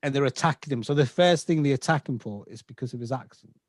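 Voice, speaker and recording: A fifties-aged Englishman with a faint Scouse accent speaks quickly in a mid-range voice, appearing as a podcast guest in a casual interview. He explains things at length and keeps checking in with his listener. The recording is dry and studio-clean.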